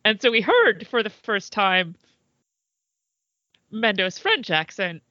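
A woman's voice: mid-range voice, sing-song, takes it slowly, bright, forceful tone, dry recording, muffled recording. Chatty woman podcaster, dry close sound. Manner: chatty, swears freely, trails off. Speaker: podcast co-host. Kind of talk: casual chat.

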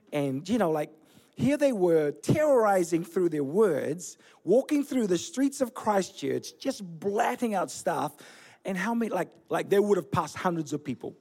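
A man in his forties, originally from Fiji, preaching a sermon as pastor with animated storytelling and self-deprecating humor. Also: high voice. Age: 40s. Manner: storytelling, animated, laughing at himself. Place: church.

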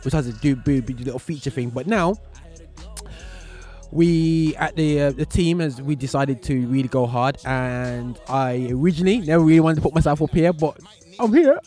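A man's voice: a little high, moderate pace, mellow, faint music behind. A man in his forties hosting a casual radio show from a small studio, talking in a loose, rambling way with slang.

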